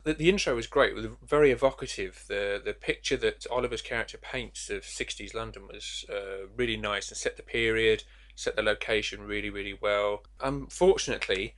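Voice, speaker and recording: Candid low-voiced male reviewer. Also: moderate pace, fairly bright tone. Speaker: forum moderator, reviewer. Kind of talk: casual review chat.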